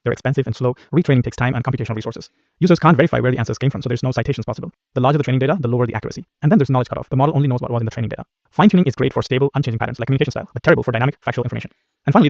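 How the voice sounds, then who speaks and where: A man narrating a scripted technical lesson as course instructor, in a brisk, steady, explanatory manner. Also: mid-range voice, no echo. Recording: dull dry voice-over recording.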